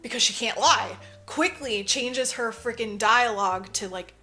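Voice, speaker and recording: Animated woman recapping a movie. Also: fairly high pitch, unhurried, soft background music. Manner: animated retelling, acts out characters, swears freely. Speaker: podcast co-host. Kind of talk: casual movie recap chat.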